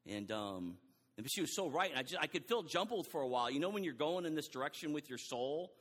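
A middle-aged man preaching a sermon in an animated way, acting out quoted dialogue and often restarting his sentences. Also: a little high, quick pace, in a large hall.

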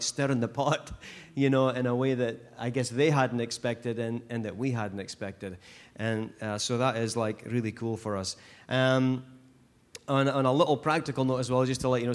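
A man with a Scottish accent giving a missions report to a church, talking in an earnest, rambling way with many fillers. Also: mid-range voice.

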